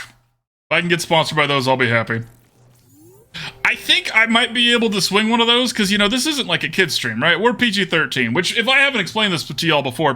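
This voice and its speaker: A man's voice: sits high, sharp tone. A man streaming a card game live, joking with chat in a put-on drawling cowboy-style accent. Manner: joking, chatty, talks to chat with "y'all" and "friendo".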